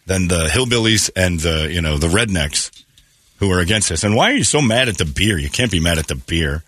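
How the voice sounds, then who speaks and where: A man's voice: low-pitched, animated, brisk, background noise. A man hosting a morning radio show, chatting casually and slipping into mocking quoted voices.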